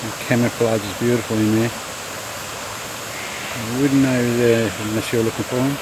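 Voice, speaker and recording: A man giving relaxed, low-key commentary to the camera as he walks a garden trail beside a stream. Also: normal speed. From Australia. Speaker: vlogger. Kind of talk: casual walking commentary. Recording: outdoor noise, running stream behind.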